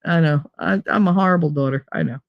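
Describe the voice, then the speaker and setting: Jersey woman chatting on a stream, super animated, lowish voice, dry close mic. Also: fast, gravelly, no echo, dull audio. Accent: New Jersey. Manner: animated, emphatic, lots of inflection. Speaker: livestream host. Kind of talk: casual chat reading viewer comments.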